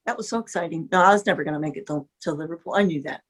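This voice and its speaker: A woman's voice: lowish voice, very fast. A woman in her seventies from the US Midwest, reminiscing in casual conversation as a guest and gushing, often breaking off mid-sentence. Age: 70s.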